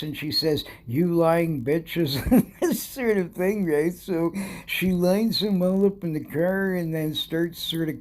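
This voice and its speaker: Man, podcast host, loose storyteller, keeps circling back with "sort of", a touch higher-pitched than most. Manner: rambling, full of "sort of" and restarts; chuckles through the telling. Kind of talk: casual storytelling.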